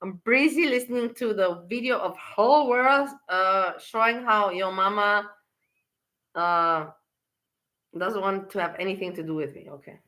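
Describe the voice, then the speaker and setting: A woman's voice: medium pitch, a little slow, sharp tone. A woman commenting on a stream she is watching, talking in an exasperated, scolding way and swearing often. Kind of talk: casual reaction commentary.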